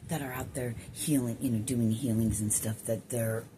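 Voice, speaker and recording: Super deep-voiced lady rambling about spiritual stuff on her phone, cussing, some hiss behind. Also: steady tone. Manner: rambling, swears, laughs to herself, halting restarts. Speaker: spiritual vlogger. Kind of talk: casual spiritual monologue to camera.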